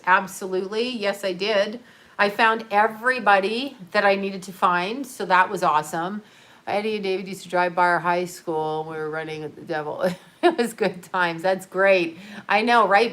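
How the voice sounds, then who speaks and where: A woman's voice: medium pitch, fairly bright tone. A middle-aged woman chatting casually on a livestream, rambling, laughing often and talking straight to her viewers. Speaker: livestream host. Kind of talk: casual livestream chat reading comments.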